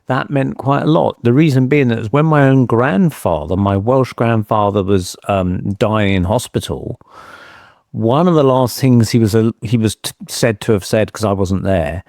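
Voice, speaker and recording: Low-voiced podcast host guy, kinda hesitant, repeats himself starting out, dry sound. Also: normal speed, vocal fry, a little mellow, dry recording. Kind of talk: casual podcast interview.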